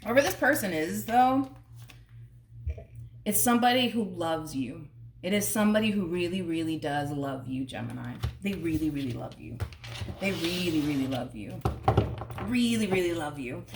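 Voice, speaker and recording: A woman's voice: lowish voice, animated, moderate pace, recorded from a distance, a little hiss or hum. A woman giving a casual tarot reading, talking chattily and repeating phrases for emphasis. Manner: chatty, repeats phrases, drops into hushed quotes. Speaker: tarot reader. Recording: echoey room, voice a bit off-mic.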